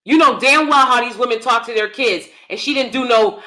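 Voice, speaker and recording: A woman hosts a live-stream commentary. She talks bluntly and emphatically, repeating her points. Her voice is bright and forceful, sitting fairly high. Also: brisk. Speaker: commentary channel host.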